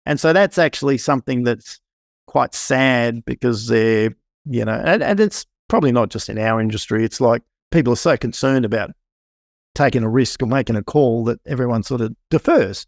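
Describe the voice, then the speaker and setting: A middle-aged man, a property inspector guest on a podcast interview, telling animated stories and acting out quotes. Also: mid-range voice, normal speed, no room sound, studio quality. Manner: animated storytelling, acts out quotes.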